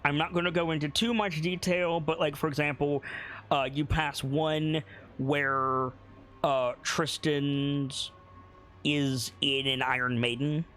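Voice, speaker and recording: A man narrating as game master of a tabletop game, building the scene slowly, detail by detail. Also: fairly high pitch, steady tone, fairly bright tone, faint music behind. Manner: slow, descriptive, builds scenes piece by piece.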